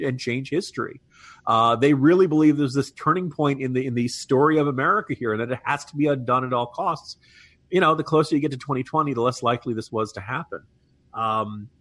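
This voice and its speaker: Wry and casual, a political commentator co-hosting a talk podcast often cracks himself up as he chats. He has a medium, slightly bright voice with a touch of roughness, and there's no echo on the recording.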